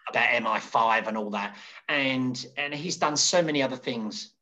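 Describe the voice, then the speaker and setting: Guy in his middle years, a hairdresser, chatting away with lots of ums, does little voices for people in his stories. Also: moderate pace. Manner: animated, acts out quoted voices with sudden high pitch; rambling, many restarts and fillers. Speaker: hairdresser, interview guest. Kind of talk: casual storytelling.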